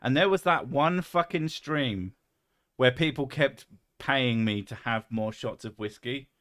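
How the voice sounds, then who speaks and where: A man's voice: medium pitch, unhurried, a bit bright. A man with a London accent hosting a casual chat over whisky, blunt, swearing freely and laughing often. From England. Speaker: podcast host.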